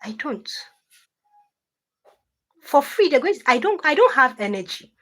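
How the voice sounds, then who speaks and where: A woman hosting a livestream, reading comments and answering with animated, indignant repetition. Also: high voice, measured pace. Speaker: livestream host.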